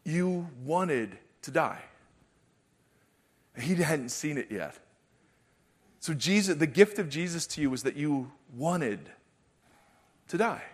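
A middle-aged man preaching a sermon, swinging from loud, emphatic declarations to hushed, intimate storytelling. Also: medium pitch. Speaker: pastor.

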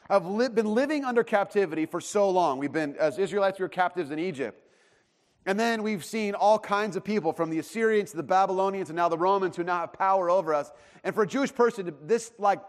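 Guy giving a sermon, casual and animated, slightly higher voice, does little voices for the crowd. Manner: conversational, animated preaching, acting out voices of crowds and characters. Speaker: pastor.

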